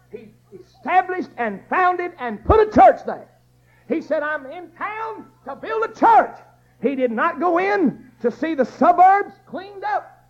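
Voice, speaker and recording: A man preaching an emphatic sermon in a repetitive, rousing cadence. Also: extremely high pitch. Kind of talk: fiery Baptist sermon. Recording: dull lo-fi church recording.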